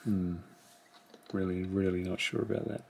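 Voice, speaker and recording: Middle-aged man, low gravelly voice, slow and musing, home unboxing with crinkling packaging behind. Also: flat delivery. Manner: quiet, musing, talks half to himself. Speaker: collector unboxing a haul. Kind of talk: casual unboxing commentary. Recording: rustling packaging noise behind.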